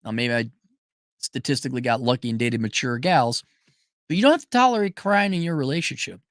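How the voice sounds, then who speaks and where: A man hosting a casual livestream, talking bluntly and emphatically, jumping between loud declarations and low muttered asides as he reads viewer messages. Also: fairly quick, no echo, studio quality. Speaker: livestream host reading super chats.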